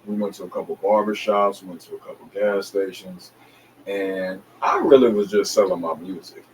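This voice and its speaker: Man, from the Atlanta area, DJ and rapper guest, slangy animated storyteller, off-mic, light background noise. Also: low voice, normal speed, recorded from a distance, rough recording. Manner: animated, slangy storyteller who acts out others' voices. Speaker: interview guest, DJ and recording artist. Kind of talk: casual storytelling in a podcast interview.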